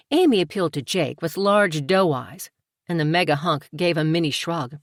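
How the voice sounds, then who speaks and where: A woman reads an audiobook in a measured, even way. Her voice is low, and the recording is dry and close. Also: dry recording. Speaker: audiobook narrator. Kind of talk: scripted audiobook narration.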